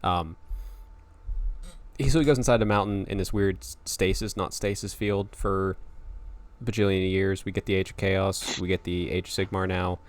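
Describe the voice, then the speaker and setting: Young guy with a real low voice, rambling podcast host, laughs and swears a lot. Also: steady tone, moderate pace. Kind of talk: casual chat. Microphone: video call.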